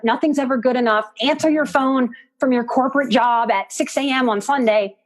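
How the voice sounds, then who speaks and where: Animated, expressive woman guest. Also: sits high, normal speed. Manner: animated, expressive storytelling with acted-out quotes. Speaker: guest psychotherapist and life coach. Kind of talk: conversational podcast interview.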